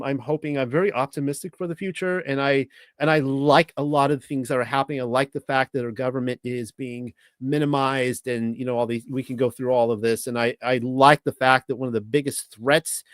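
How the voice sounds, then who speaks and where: A man with a Californian accent, talking in a casual monologue as the host, rambling and halting with many restarts and fillers. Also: mid-range voice, fairly even intonation, no echo.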